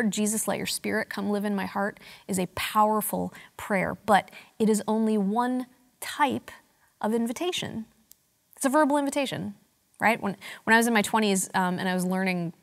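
A woman in her thirties preaching a sermon in a church, conversational and wry, with frequent restarts. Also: mid-range voice. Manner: conversational, self-deprecating humor, frequent restarts. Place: church sanctuary.

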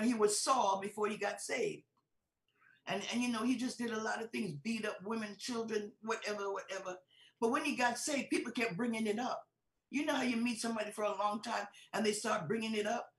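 Middle-aged lady bishop preaching hard, gravelly higher voice, big echoey room, mic kinda far. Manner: fervent, rising to shouts, conversational asides. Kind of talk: sermon.

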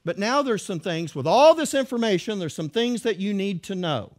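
High-voiced emphatic male preacher. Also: animated, normal speed, a little mellow. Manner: emphatic, repeats key words, asks rhetorical questions. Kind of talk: sermon.

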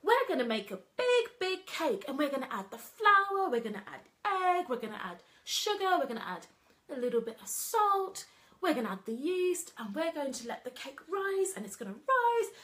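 A woman's voice: high-pitched, very animated, moderate pace, a bit bright, voice pushed up. A woman voicing Miss Sparkle, a bubbly children's entertainer telling a make-believe story to small children in a sing-song way. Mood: gleeful sing-song. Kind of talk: acting out a nursery story.

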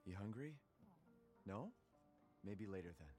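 An actor playing a calm young husband and new father in video game dialogue, easygoing and low-key. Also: unhurried, faint music behind.

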